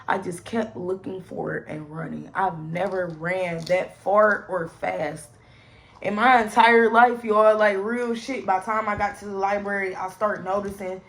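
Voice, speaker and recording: A young woman telling a personal story to her viewers in an animated storytime vlog, talking straight to them and swearing freely. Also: mid-range voice, measured pace, low-quality recording. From St. Louis area, USA. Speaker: vlogger.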